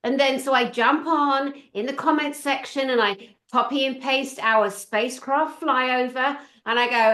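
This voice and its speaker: A woman in casual conversation, talking in an animated, exasperated way and acting out what others say. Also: high voice, moderate pace, few pauses, roomy sound.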